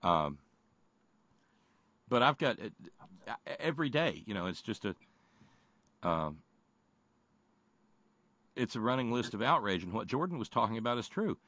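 A middle-aged man co-hosting political talk radio, sardonic and halting, with frequent restarts and stammers. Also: lowish voice, very animated, fairly bright tone, no room sound. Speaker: radio host.

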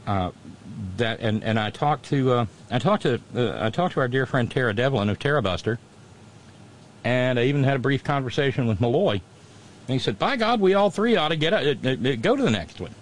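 A man's voice: medium pitch, animated, a little fast. A man hosting his own radio show, talking to listeners in a loose, rambling monologue full of restarts and fillers.

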